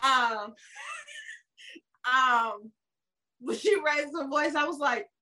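A young married woman co-hosting a casual talk show, playful and quick with a comment. Her voice is high and bright, with a sharp, forceful ring. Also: low-quality recording. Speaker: podcast co-host. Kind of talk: casual group chat.

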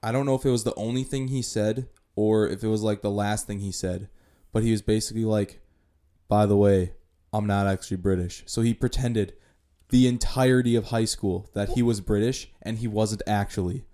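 Mellow low-voiced man chatting. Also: fairly quick. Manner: relaxed storyteller with frequent laughs. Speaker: podcast co-host. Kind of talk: casual chat.

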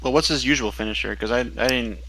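A man speaking casually as a podcast guest. He has a bright, forward voice. He asks questions and gushes like an eager fan. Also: mid-range voice, fast, rough recording.

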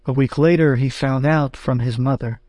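A rabbi telling a humorous anecdote, animated and acting out the voices of the people in it. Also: male voice, medium pitch, moderate pace, no echo. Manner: animated, acts out the voices of the people in his story. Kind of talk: humorous anecdote told to an audience.

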